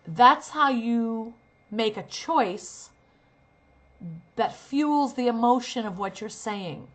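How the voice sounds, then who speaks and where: A woman's voice: a little high, slow. Woman teaching an acting lesson. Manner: demonstrates lines, shifting from earnest to sarcastic. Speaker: acting coach and talent manager.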